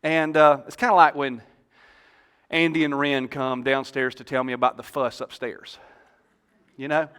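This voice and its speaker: A pastor preaches from a church stage and tells the story in a lively, playful way. His voice is bright and forward, at an ordinary pitch for a man, and he pulls the congregation in with quick asides. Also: clean tone. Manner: storytelling, animated, jokes with the congregation. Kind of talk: sermon.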